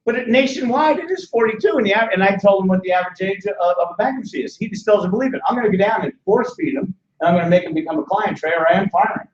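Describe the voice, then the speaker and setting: A man in his sixties giving a joking, animated financial sales seminar, firing questions at a small audience. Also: sits high, quick pace, few pauses, a little hiss or hum. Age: 60s. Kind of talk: lively sales seminar talk. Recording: echoey dull room sound from far off.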